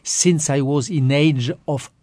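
A man's voice: fairly high pitch, slow, dry recording. A man in his fifties speaking with a heavy French accent, guest in an interview. He talks expressively and with emphasis, doubling back on his words. The recording is dry and close, with no room sound around him. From France. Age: 50s. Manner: expressive, emphatic, repeats phrases. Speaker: author and guest. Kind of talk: interview conversation.

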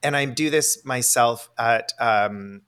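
A man's voice: mid-range voice, takes it slowly, a bit bright, clean tone. A man co-hosting a podcast, chatting in an enthusiastic way and asking leading questions. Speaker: podcast co-host. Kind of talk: casual chat.

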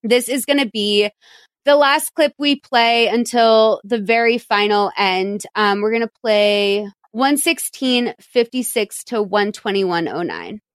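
A woman hosting a podcast who recaps a movie in a casual, animated and profane way. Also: a little high, a little slow, clear, resonant tone, dry recording. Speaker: podcast host.

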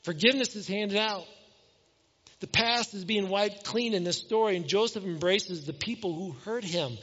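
High-voiced preacher in an echoing hall. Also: male voice, normal speed, dull audio. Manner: animated storytelling, reading scripture aloud and voicing the characters. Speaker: pastor. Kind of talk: sermon.

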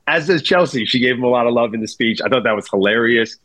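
A man's voice: mid-range voice, fast talker, a bit bright, no room sound. Easygoing male podcast guest, dry sound. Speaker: podcast guest, film critic. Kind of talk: casual podcast chat.

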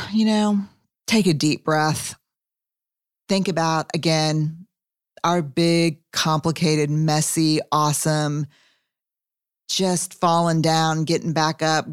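Woman podcast host, low voice, casual, candid, unhurried when reflecting. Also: clear, resonant tone, no room sound, studio quality. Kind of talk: conversational podcast hosting.

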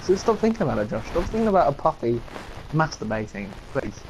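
Male podcast co-host, crude jokey banter, lively swooping delivery, noisy home recording. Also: a little high, fast. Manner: sweary, joking, loud outbursts.

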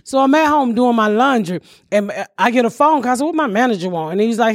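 A woman's voice: on the high side, lively intonation, fast talker, no echo, clean studio sound. A middle-aged woman comedian hosting a podcast, telling stories bluntly and profanely with frequent laughter. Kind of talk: casual storytelling chat.

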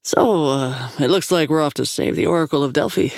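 A woman's voice: deep voice, fairly quick, gravelly, a little mellow, dry recording, studio quality. Woman voicing an awkward young man.

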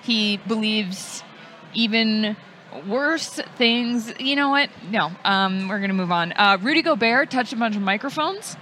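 A woman's voice: mid-range voice, a little slow, bright, forceful tone. A woman with a mid-range voice co-hosts a casual sports chat, trading sarcastic jabs and teasing her partner. A faint background hiss runs under her voice. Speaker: sports podcast co-host.

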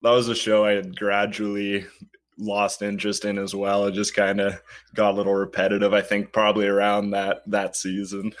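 A man in a casual podcast chat, relaxed and a little hesitant. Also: lowish voice, normal speed.

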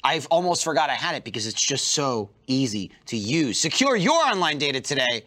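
A man's voice: medium pitch, very animated, fairly quick, hardly any pauses, pushed and bright. A man hosting a podcast in casual chat, telling stories animatedly and acting out exaggerated quotes. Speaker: podcast host.

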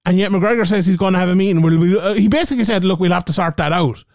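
A man's voice: high voice, rapid-fire, no room sound, studio quality. A man co-hosting a casual podcast, ranting animatedly and swearing freely. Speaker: podcast co-host.

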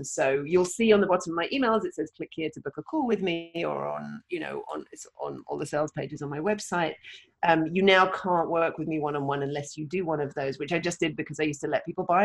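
A woman's voice: lowish voice, a little fast, creaky. Chatty woman acting out quotes. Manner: lively, chatty, acts out quotes. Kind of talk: casual business chat.

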